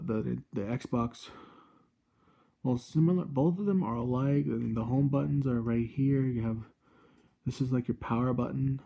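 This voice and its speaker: Speaking with a medium-pitched, gravelly, slightly rough yet warm voice, this twenty-something channel host reviews gadgets casually from a room at home. He rambles and halts, correcting himself constantly.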